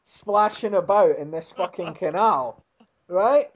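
High-voiced man telling a sweary story. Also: takes it slowly. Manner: expletive-heavy, animated storytelling. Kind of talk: casual anecdote. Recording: dull lo-fi sound.

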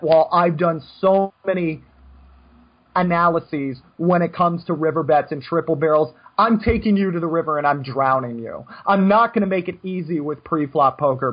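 Man, poker coach, husky, high voice, brash, muffled audio. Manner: brash, animated, self-mocking rants. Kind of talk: casual podcast chat.

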